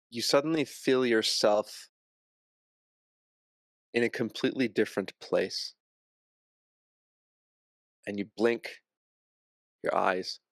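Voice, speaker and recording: A man narrating a tabletop game as game master, describing scenes slowly with pauses. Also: fairly low pitch, a bit bright, dry recording.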